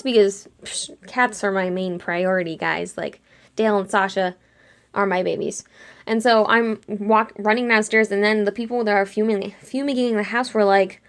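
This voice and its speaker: A young woman chatting casually while she sketches, retelling a dream in an animated way and acting out her own lines with lots of "like". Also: medium pitch, normal speed. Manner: chatty, animated quoting of herself with frequent "like". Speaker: art vlogger.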